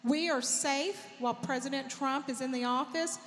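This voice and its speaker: A woman's voice: sits high, normal speed, a bit bright, soft background music. A woman speaking as a panelist, firm and emphatic. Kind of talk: convention panel talk. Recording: hall reverb with faint noise.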